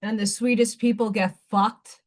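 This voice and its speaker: Woman host, fading New York accent, blunt and rambling, slightly high voice. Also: level tone, normal speed. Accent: faded Staten Island New York. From Staten Island, New York. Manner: blunt, rambling, frequent restarts. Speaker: livestream host. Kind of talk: casual live-stream chat.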